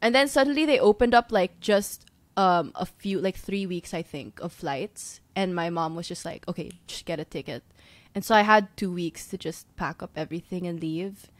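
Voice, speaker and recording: A young woman from the Philippines with a Filipino accent, chatting as a podcast guest, laughing often and filling pauses with "um" and "like". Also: fairly low pitch, expressive, dry recording. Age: young adult. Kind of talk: casual chat.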